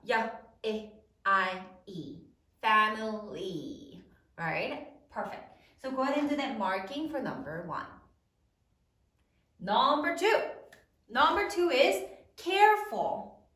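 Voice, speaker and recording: High, lively woman teaching spelling. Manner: slow, drawn-out dictation, sounding out words. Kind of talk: spelling lesson. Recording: echoey room, mic at a distance.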